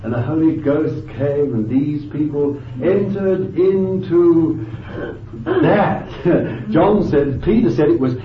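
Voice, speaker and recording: A man preaching a sermon with fervent emphasis, moving between loud bursts and quiet asides, thinking aloud with restarts and "you see.". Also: a little high, animated, takes it slowly, distant mic, a little hiss or hum. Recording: dull, lo-fi, echoey and off-mic.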